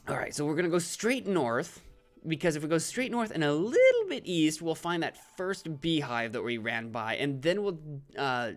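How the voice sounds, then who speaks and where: Chatty man streaming a game, faint music. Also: on the high side. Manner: chatty, self-deprecating, reads chat aloud. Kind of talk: live-stream gameplay commentary.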